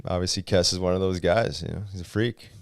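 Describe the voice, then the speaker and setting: A man's voice: low voice, steady tone, quick pace, dry recording, studio quality. A man co-hosting a podcast in casual chat, easygoing, laughing along and asking questions. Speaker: podcast co-host.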